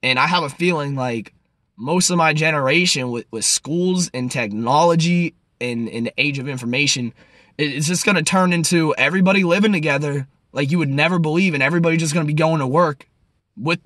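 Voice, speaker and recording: Profane rambling young man, bright voice. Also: fairly high pitch, a little fast, no room sound, studio quality. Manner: profane, rambling, swings between loud and muttered. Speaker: vlogger. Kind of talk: casual rant to camera.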